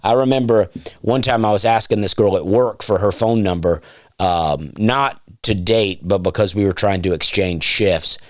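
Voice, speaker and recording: Smooth baritone man, dry rambling podcast host. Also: moderate pace, no echo. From Alabama. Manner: rambling, dry, self-deprecating asides with many fillers. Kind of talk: casual solo podcast monologue. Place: home, during nap time.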